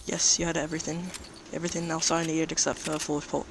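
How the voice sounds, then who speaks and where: A man giving live gameplay commentary, talking to himself and reacting loudly with frequent swearing when things go wrong. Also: a little high, quick pace. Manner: excitable, swears freely when surprised. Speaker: gaming YouTuber. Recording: steady background noise under the voice.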